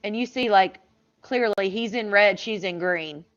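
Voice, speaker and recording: A woman's voice: medium pitch, a little slow, fairly bright tone. A woman chatting through true crime commentary, reading text messages aloud with lots of fillers. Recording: slightly dull lo-fi audio.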